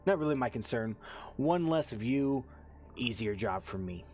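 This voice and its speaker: A man's voice: mid-range voice, animated, moderate pace, a little mellow, soft background music, close to an everyday voice. A man voicing a menacing male dwarf crime boss who answers in short, cold, threatening lines. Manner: curt, threatening, clipped replies.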